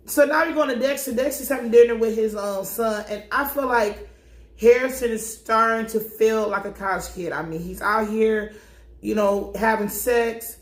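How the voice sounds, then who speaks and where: A woman's voice: on the high side, moderate pace. A young adult woman recapping a TV episode in a casual, slangy, profane and joking way. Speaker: TV recap vlogger. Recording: echoey room.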